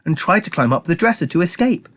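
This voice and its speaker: A bossy, theatrical young girl, as a man puts her on, with a lifted voice that leaps high on her demands. She talks like the heroine of her own adventure story. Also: very animated, quick pace, fairly bright tone. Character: bossy, dramatic young girl who loves adventure stories.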